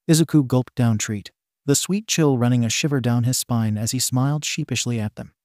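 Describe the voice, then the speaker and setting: A man reads a story aloud in a steady, even narration at a middle pitch. The sound is close and completely dry. His delivery is plain and unhurried. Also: no room sound. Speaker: fan fiction reader.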